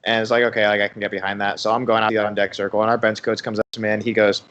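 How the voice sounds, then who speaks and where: A man's voice: on the low side, level tone, very fast, a bit bright, highs cut off. A young man co-hosting a baseball watch party, rambling through a casual anecdote with lots of fillers. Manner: rambling storyteller, many fillers.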